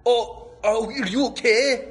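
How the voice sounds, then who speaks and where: A man doing a shrill, bossy girl. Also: slow pace. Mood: excited. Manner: shrill, scolding falsetto. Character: bossy, hot-tempered teenage girl trainer. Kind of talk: comic impression at a live script read.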